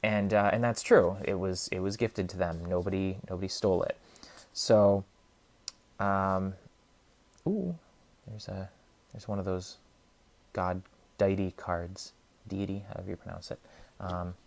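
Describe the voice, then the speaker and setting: A man's voice: deep voice, unhurried, gravelly, pauses often, darkish tone. A man hosting a card unboxing, telling a long story casually with lots of hedging and ums. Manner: meandering, hedging, many ums and restarts. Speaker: card unboxing channel host. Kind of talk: casual rambling storytelling while unboxing cards.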